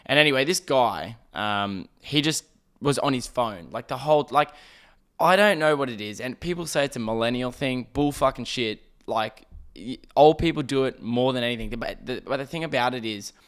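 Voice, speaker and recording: A young man hosting a solo podcast, telling a story in an animated, profane, ranting way. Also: mid-range voice, normal speed, clean tone. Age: young adult. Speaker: podcast host.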